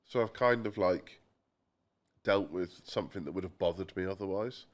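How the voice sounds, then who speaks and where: With a deep voice at a normal speed, a young man co-hosts a relaxed podcast. He tells gossipy anecdotes, mimics people's voices when quoting them, and curses lightly.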